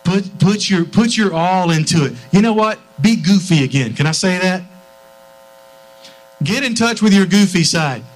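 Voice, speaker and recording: A man's voice: high-pitched, expressive, moderate pace, faint music behind, poor audio. A middle-aged man preaching a sermon in a church, telling family stories earnestly and often restarting his sentences. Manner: earnest storytelling, frequent restarts.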